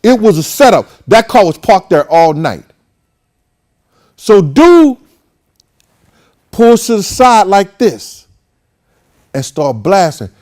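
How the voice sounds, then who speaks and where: This male host has a high, animated voice and tells a casual story slowly, pausing often. He curses along the way and acts out the voices of the people in his tale.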